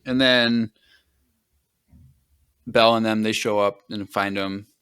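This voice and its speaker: A man's voice: lowish voice, fairly even intonation, slow, a bit bright, clear, resonant tone. A man hosting a podcast, retelling a book in casual, rambling chat full of fillers and trailing off at the ends of thoughts. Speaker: podcast host.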